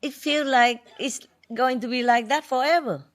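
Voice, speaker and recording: Speaking at a moderate pace in a high voice, this female spiritual teacher chats casually with her audience. Her manner is teasing and playful, with frequent laughter.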